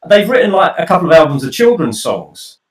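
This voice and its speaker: A man's voice: fairly high pitch, very animated, a little fast, echoey room, distant mic, rough recording. A man co-hosting a radio show, chatting casually and rambling, often correcting himself. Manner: rambling, self-correcting, playful. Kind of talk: casual chat.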